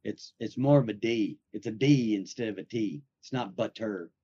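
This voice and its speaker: A podcast host tells stories casually, rambling and leaning heavily on filler words. His voice is lowish, warm and husky at a moderate pace, and the lo-fi audio sounds slightly dull.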